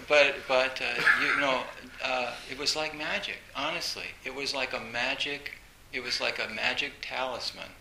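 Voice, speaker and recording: A man giving a storytelling dharma talk as a meditation teacher, animated, with frequent laughter and many fillers. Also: mid-range voice, measured pace, gravelly. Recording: roomy echo with faint hiss.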